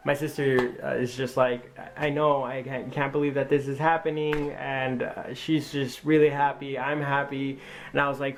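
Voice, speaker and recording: A young man vlogging a personal story, excitable and acting out his own lines of dialogue. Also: medium pitch, normal speed. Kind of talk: storytelling vlog.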